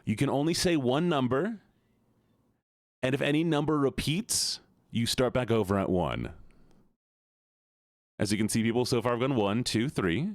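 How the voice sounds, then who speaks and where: A man's voice: medium pitch, normal speed, pauses often, no room sound, studio quality. A man livestreaming, chatting playfully with his viewers and greeting them one by one. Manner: playful, teasing, greets chat by name. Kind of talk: casual live-stream chat.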